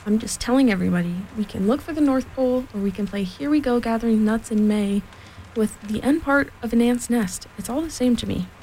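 A woman voicing a gloomy, grumbling old donkey in a storybook reading, slow and resigned. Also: fairly high pitch, dark tone, slight background noise, natural voice, rough recording. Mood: glum.

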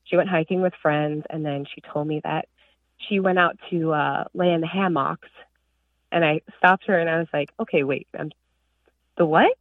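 A woman from northern Illinois calling a radio show, eagerly telling a story in an animated way. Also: deep voice, moderate pace, no room sound. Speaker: caller. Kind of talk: phone call to a radio show. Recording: tinny distant phone line.

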